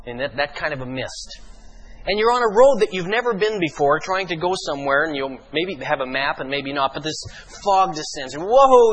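A man's voice: high-pitched, a bit bright, poor audio. Emphatic male pastor preaching. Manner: emphatic, rhetorical questions, dramatic pauses. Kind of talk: sermon.

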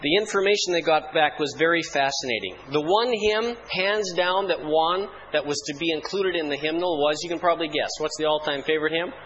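High-voiced pastor telling church jokes. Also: male voice, brisk, hardly any pauses, fairly bright tone, dull audio, a little hiss or hum. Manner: dry storytelling humor, mock-solemn archaic hymn recitation. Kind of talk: sermon with humorous anecdotes.

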